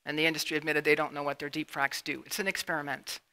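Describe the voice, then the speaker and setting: A middle-aged woman from Canada giving a public lecture, emotional and halting with sudden emphatic bursts. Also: low voice, flat delivery, bright, forceful tone, clean tone. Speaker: public speaker. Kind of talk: lecture presentation with slides. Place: university lecture room.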